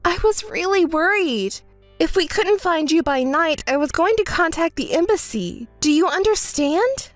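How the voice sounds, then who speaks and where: A woman's voice: very high-pitched, expressive, moderate pace, dry recording, faint music behind, pitched above the performer's own voice. A woman voicing a hurt, indignant young bride in a text story, scolding and sarcastic.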